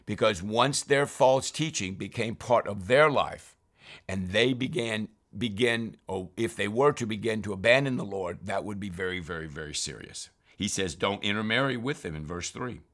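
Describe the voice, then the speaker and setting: Here a man's fairly low, slightly bright voice moves at a moderate pace. He reads Bible verses aloud in a devotional teaching, then reflects on each passage, often reminding listeners to "remember."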